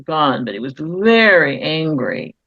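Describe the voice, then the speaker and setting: A woman medium giving an intuitive reading, searching for words with pauses and fillers. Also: low voice, sing-song, no echo. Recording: dull lo-fi dry audio.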